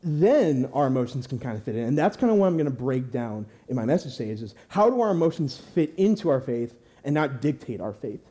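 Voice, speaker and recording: A man's voice: medium pitch, sing-song, brisk, hardly any pauses, dark tone. A young man preaching a sermon in church, talking conversationally with restarts and rhetorical questions.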